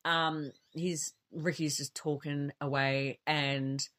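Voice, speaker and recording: A woman's voice: deep voice, little pitch movement, slow, fairly bright tone. A woman co-hosting a podcast, chatting casually about films, laughing often and swearing freely. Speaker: podcast co-host. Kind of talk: casual chat reviewing films.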